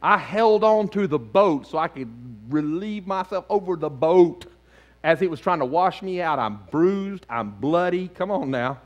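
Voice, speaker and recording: Man, pastor, lively preaching, slightly higher voice, church sanctuary. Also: measured pace, lo-fi sound. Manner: animated preaching, swinging between loud and hushed. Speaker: lead pastor. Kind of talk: sermon.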